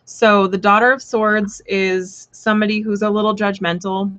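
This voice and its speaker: A woman's voice: medium pitch, fairly even intonation, normal speed, fairly bright tone. A woman hosting a live tarot reading stream, talking in a chatty, rambling way with lots of fillers, blunt and playful. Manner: blunt and playful, swears casually.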